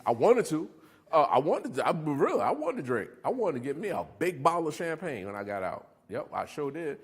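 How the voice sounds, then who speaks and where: Lively middle-aged man telling his story. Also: fairly high pitch, a little fast, breathy edge. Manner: animated storytelling, laughing, quizzing the audience. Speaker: recovery speaker. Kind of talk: motivational talk to a live audience.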